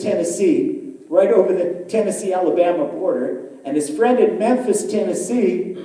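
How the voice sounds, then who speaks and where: A man telling a story in a sermon, animated, acting out the characters' voices as he goes. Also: fairly high pitch. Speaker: rabbi giving a lecture. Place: large lecture hall. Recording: echoey hall, speaker far from mic.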